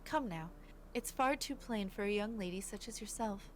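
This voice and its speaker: A woman voicing a polite, gentle male bird who owns a café, speaking in a courteous, formal way in a game voiceover. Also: mid-range voice, moderate pace, close to an everyday voice.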